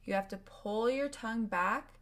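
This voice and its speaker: An American woman teaching English pronunciation, drilling words slowly and repeating them for practice. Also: a little high, a bit bright.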